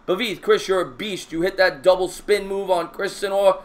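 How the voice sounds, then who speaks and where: A man streaming his own baseball play-by-play, calling pitches and chatting with viewers in a jokey, excitable way. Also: moderate pace, few pauses. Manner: excitable, raises voice on big hits. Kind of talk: live-stream baseball play-by-play with chat shout-outs.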